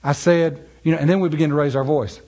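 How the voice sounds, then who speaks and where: A male pastor delivering a sermon in a conversational way. He asks his listeners questions and moves between loud, high-pitched preaching and quiet, low, soft passages. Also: steady tone, fast, dull audio.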